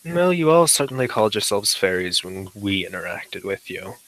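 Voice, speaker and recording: A man's voice: fairly low pitch, sing-song, moderate pace, a bit bright. A man voicing a wary, skeptical male adventurer in a tabletop game, speaking in dry, doubting questions. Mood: pointed.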